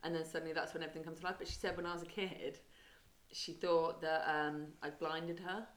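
A woman's voice: sits low, flat delivery, a little fast. A young woman co-hosting a podcast, rambling through stories in a casual chat and calling her co-host mate. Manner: chatty, rambling storyteller, says mate a lot. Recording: echoey room.

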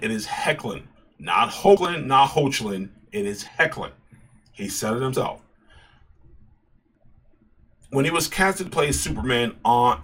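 A man's voice: medium pitch, breathy edge. A man hosting his own video channel, talking casually and passionately about superhero films, often restarting and repeating himself. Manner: passionate, animated, with frequent restarts and repeated phrases. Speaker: YouTube commentary host. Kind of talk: casual opinion commentary.

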